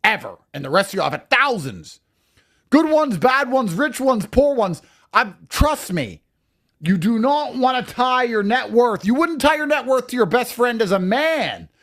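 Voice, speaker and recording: Ranting male commentator, brash and crude, high voice that swings up and down a lot. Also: a bit bright. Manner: mocks others in put-on voices. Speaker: online commentator. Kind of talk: profane reaction rant.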